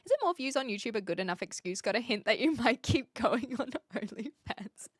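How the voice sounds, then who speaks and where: A young woman with a New Zealand accent, chatting with her stream and reading out comments, giggly and trailing off into quiet asides. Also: on the high side, expressive, fairly quick, slightly rough, no room sound, studio quality. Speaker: livestreamer.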